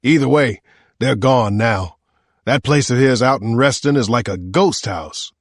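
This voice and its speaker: A man's voice: mid-range voice, measured pace, dry recording, clean studio sound. A man reading an audiobook, voicing a laid-back male cop who talks in an offhand way.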